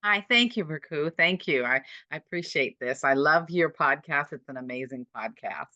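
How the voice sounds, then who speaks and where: A woman's voice: low-pitched, lively intonation, moderate pace, pushed and bright, dry recording, lo-fi sound. A woman in her sixties, a podcast guest, retelling her own caregiving story in vivid, dramatic short sentences. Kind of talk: personal storytelling.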